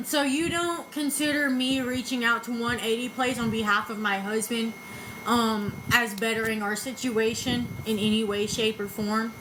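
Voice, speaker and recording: A woman's voice: a little high, steady tone, unhurried, noisy background. A woman, talking back bluntly to videos about herself, defensive and swearing freely. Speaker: vlogger reacting to videos. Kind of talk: casual reaction commentary.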